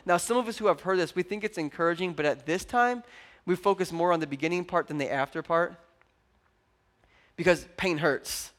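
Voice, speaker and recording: High-voiced animated preacher man. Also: fairly quick. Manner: animated preaching, jokes with congregation. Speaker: pastor. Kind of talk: sermon.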